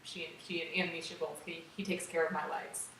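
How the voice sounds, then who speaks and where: Woman interview guest, casual storyteller, lowish voice, far from the mic in a boomy room. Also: normal speed. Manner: animated, acts out quotes, many "like"s. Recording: echoey room, distant mic, faint noise.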